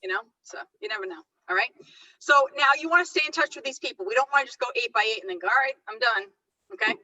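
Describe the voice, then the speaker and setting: Bright chatty woman trainer. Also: on the high side, rapid-fire, distant mic, poor audio. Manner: chatty, animated, self-interrupting. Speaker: real estate trainer. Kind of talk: live training session.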